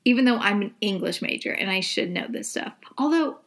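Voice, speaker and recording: A woman's voice: mid-range voice, lively intonation, a little fast, gravelly, a bit bright. A young adult woman co-hosting a podcast, chatting casually with many "like" and "um" fillers. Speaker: podcast co-host.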